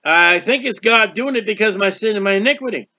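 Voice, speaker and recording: A man's voice: high-pitched, fast, no room sound, dull audio. A man preaching a sermon, reading scripture aloud and explaining it, drawing out words for emphasis. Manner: expressive Bible reading with commentary, stretches words.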